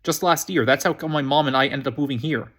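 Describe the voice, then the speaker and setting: A man's voice: medium pitch, quick pace, fairly bright tone, natural voice. A man voicing an eager, friendly young boy in a storybook reading. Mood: earnest.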